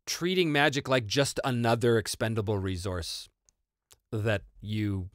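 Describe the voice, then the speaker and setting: A man's voice: mid-range voice, dry recording, studio quality. A man hosting a tabletop RPG channel, answering viewer questions in casual chat with plenty of fillers and restarts. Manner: animated, rambling, many fillers and restarts.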